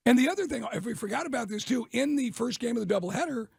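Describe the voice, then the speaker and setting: A high, gravelly, very raspy male voice rants hotly as a sports talk radio co-host. He is heard close on a studio mic with a dry, dead sound. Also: expressive, racing, a little mellow, no echo. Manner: heated, ranting.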